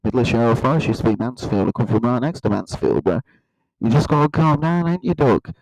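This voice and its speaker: A man with a Nottinghamshire accent delivering a deadpan, rambling satirical monologue. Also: mid-range voice, brisk, no echo, poor audio. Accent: Nottinghamshire English. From Nottinghamshire, England. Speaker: comedy video host.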